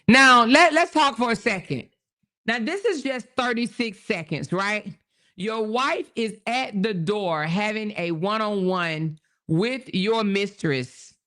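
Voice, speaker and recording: A woman's voice: medium pitch, expressive, measured pace, a bit bright. A woman hosting her own show, giving casual commentary on a news story and often repeating herself as she checks in with viewers. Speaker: host.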